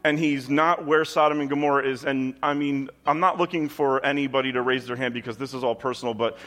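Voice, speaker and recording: A man's voice: mid-range voice, fairly even intonation, brisk, a bit bright. A man preaching a sermon in a conversational style, with emphatic asides to the congregation. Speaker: pastor. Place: church with kids in the room.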